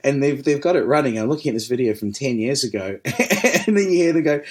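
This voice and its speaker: A man's voice: on the high side, big pitch swings, fairly quick. A man with a New Zealand accent, a podcast guest telling stories in a casual chat, swearing freely and laughing often. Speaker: podcast guest, distillery managing director. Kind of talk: casual conversational storytelling.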